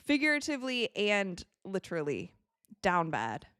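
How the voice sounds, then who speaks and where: A woman chats her way through a live-stream watch party, her voice bouncing around with lively pitch. She reads out viewer comments and laughs often. The sound is close and dry, from her home streaming set. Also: moderate pace, clear, resonant tone, no room sound.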